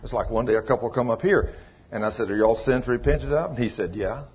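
A man preaching a sermon as pastor, telling a story and acting out the dialogue, swinging between loud and soft. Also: mid-range voice, a little fast, breathy edge, lo-fi sound.

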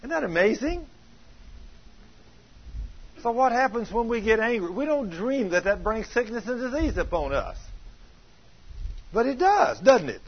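A man preaching a sermon in church, asking the congregation questions and swinging between low, quiet asides and loud outbursts. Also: big pitch swings, a little slow, pauses often, husky. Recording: dull lo-fi sermon recording.

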